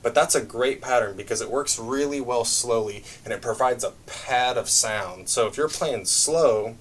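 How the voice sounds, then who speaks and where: A man teaching a brush drumming lesson, explaining patterns step by step in a relaxed way with frequent fillers. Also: medium pitch, moderate pace. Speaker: music teacher. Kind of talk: drum lesson demonstration.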